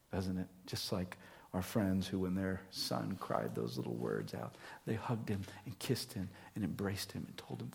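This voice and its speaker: A male pastor delivering a sermon, earnest and emphatic at times, dropping to a hushed whisper at others. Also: low voice, creaky.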